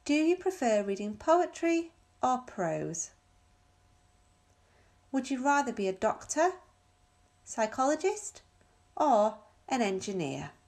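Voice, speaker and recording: A woman on textbook audio, carefully reading out example questions with clear, marked intonation. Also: fairly high pitch, big pitch swings, slow pace, pauses often, darkish tone. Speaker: recorded audio speaker.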